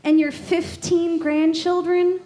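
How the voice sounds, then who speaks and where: A woman's voice: extremely high pitch, level tone, slow pace, mellow. A woman doing a sardonic, profane stand-up set, teasing the crowd. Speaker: stand-up comedian. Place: comedy club stage.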